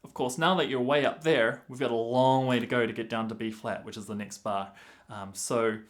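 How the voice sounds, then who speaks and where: A man teaching the clarinet, patiently explaining fingerings and counting rhythms out loud, with clarinet playing between phrases. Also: mid-range voice, fairly even intonation, moderate pace, faint music behind. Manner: patient, breaks rhythms down by counting and singing syllables aloud. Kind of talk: instructional explanation.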